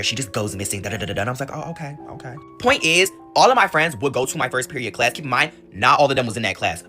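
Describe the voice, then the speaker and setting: A young man telling a school story in a casual, animated and profane way, rambling off on side notes. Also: medium pitch.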